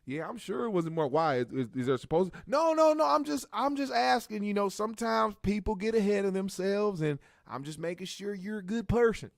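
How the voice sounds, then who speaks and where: A man's voice: sits high, animated, brisk, vocal fry, few pauses, dry recording, studio quality, pitched above the performer's own voice. A man voicing a sugary, money-hungry male megachurch pastor who gushes over-piously and stammers when he turns suspicious.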